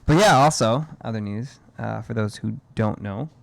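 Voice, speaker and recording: A man's voice: fairly low pitch, normal speed, creaky, no echo. A man in his thirties co-hosting a podcast, chatting casually and rambling, with "dude" and "man" in every other phrase. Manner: laid-back, rambling, says "dude" and "man" often. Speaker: podcast co-host. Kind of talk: casual chat.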